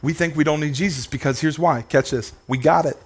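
A high-pitched male pastor preaching with fervor. He rides a sing-song cadence, repeats phrases for emphasis and calls out to the congregation. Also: fairly quick, husky. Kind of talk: sermon.

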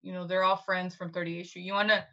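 Woman co-host, bright edgy tone, chatty and rambling, dull lo-fi audio. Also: lowish voice, level tone, fast. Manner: rambling, full of "like" and restarts. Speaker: podcast co-host. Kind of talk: casual history discussion.

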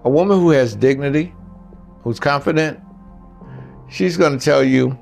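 A man's voice: fairly high pitch, normal speed, vocal fry, darkish tone, soft background music. An older man giving blunt relationship advice in a casual monologue, talking straight to the men listening and telling stories along the way. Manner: blunt, storytelling, talks straight to the guys.

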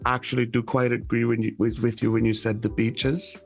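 A man's voice: medium pitch, level tone, brisk, gravelly, soft background music. A young adult man hosting a casual interview. He laughs easily and stammers as he starts his sentences. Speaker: podcast host.

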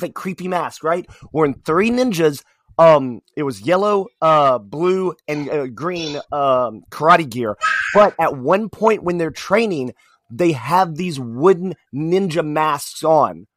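A man co-hosting a podcast, talking in a casual, animated way with many fillers and restarts. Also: fairly high pitch, slow pace, no room sound. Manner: animated, rambling wrestling fan talk with fillers. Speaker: podcast co-host. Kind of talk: casual chat.

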